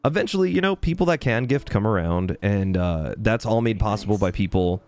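A man's voice: fairly low pitch, lively intonation, a little fast, a little mellow. A man chatting casually on a live stream while playing a game, thanking viewers by name. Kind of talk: casual live-stream chat over gameplay.

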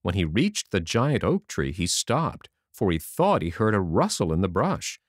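A man narrating a children's classic aloud, in an animated reading style. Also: low voice, a little slow, no room sound, clean studio sound. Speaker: audiobook narrator. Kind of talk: storybook narration.

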